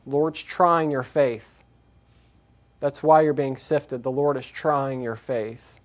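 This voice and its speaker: Earnest preacher man, mid-pitched. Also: fairly even intonation, slow pace. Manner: alternates between quiet reflection and raised, emphatic scripture reading; earnest, repetitive exhortation. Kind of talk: sermon.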